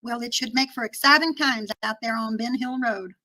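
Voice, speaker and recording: A woman's voice: on the high side, normal speed, music in the background, lightly acted, rough recording. A woman voicing a courteous male small-town police officer in a put-on Southern accent, full of "yes, ma'am" and formal politeness. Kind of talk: comedic role-play.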